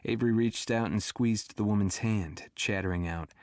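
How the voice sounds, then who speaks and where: A man reads an audiobook thriller in scripted narration, keeping a steady, even storytelling style. His pitch is fairly low and his speed normal, and the clean studio recording has no room sound.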